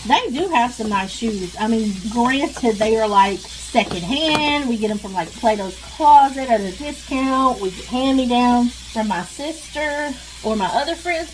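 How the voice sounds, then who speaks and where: High-voiced woman venting while cooking, chatty and rambly, lots of pan sizzle behind her. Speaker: vlogger. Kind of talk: casual chat while cooking. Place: home kitchen. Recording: noisy kitchen with frying sizzle. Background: sizzling frying pan.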